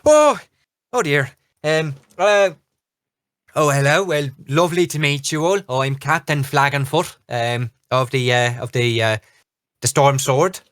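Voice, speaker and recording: Un homme jouant un capitaine halfling volubile. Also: male voice, medium pitch, moderate pace, a bit bright, smooth, no echo, clean studio sound, lightly acted. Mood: flustered. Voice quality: thick brogue. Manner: rambling, full of ums and fawning compliments. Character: flustered chatty male halfling pirate captain.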